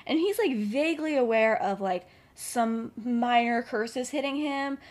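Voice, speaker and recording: A woman's voice: on the high side, unhurried. A woman hosting a podcast who retells a story in a chatty, casual way with many filler words. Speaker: podcast host.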